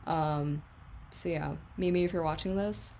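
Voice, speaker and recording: A woman's voice: low voice, steady tone, a little slow, a little mellow, slight background noise. A young adult woman talking candidly to camera in a reflective, casual vlog, with plenty of "like" and "you know". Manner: candid, reflective, filler-heavy. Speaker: vlogger.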